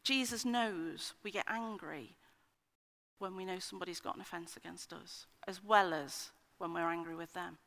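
A woman's voice: on the low side, moderate pace, fairly bright tone. A middle-aged woman giving an earnest, conversational personal-testimony sermon, with frequent ums and restarts. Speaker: speaker at a church meeting. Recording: hall with long reverb.

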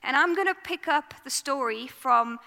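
A woman's voice: sits high, moderate pace, vocal fry, bright, forceful tone, in a large hall. A woman giving a conversational, earnest sermon in a church. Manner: earnest, conversational preaching with fillers. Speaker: preacher.

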